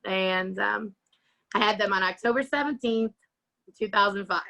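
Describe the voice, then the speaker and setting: A woman, telling her life story as an interview guest, animated and acting out quotes with frequent laughter. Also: medium pitch, moderate pace, vocal fry, poor audio. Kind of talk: personal testimony.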